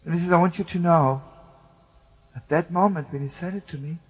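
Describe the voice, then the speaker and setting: A man telling a wartime story, swinging from loud outbursts to hushed speech, with Yiddish and Hebrew words. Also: on the high side, a little fast, slightly rough, lo-fi sound. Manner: emotional, shifts between loud exclamations and hushed speech.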